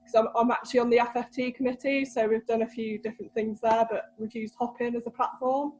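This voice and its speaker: Young female attendee, casual and hesitant, slightly high voice, faint hum on the line. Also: fairly even intonation, fast talker, darkish tone, poor audio. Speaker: webinar attendee, committee member. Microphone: video call.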